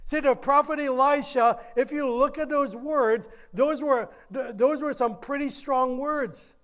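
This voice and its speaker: A man preaching a sermon as pastor, earnest and driving, with repeated questions and drawn-out lines. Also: extremely high pitch, a bit bright.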